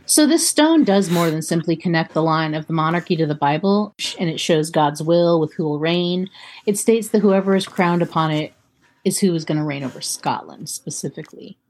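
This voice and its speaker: A woman's voice: low voice, animated, brisk, darkish tone, slight background noise. A woman co-hosting a casual podcast, telling a history story in a chatty way, often laughing. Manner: chatty, laughs often, reads quotes aloud. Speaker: podcast co-host.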